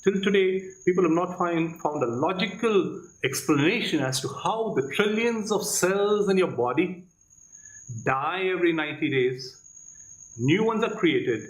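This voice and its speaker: A man's voice: high voice, lively intonation, a little slow, roomy sound, rough recording. A man giving Catholic opinion commentary, emphatic, asking rhetorical questions and calling the listener "my friend". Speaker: Catholic commentator reviewing a debate.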